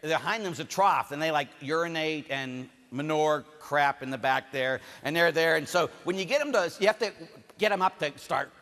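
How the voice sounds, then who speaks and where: A man's voice: on the high side, normal speed, a bit bright, long reverb tail. A man from Pittsburgh with a Pittsburgh accent, preaching a sermon told as a jokey farm story, with big swings in volume.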